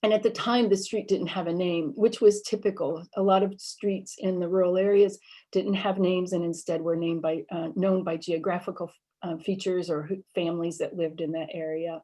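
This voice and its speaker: A woman with a lowish voice walks an audience through slides in a relaxed lecture. She explains each sound with examples, fills pauses with ums, and corrects herself as she goes. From Michigan. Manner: explanatory, frequent fillers, apologizes while losing place. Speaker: linguistics professor giving a library talk.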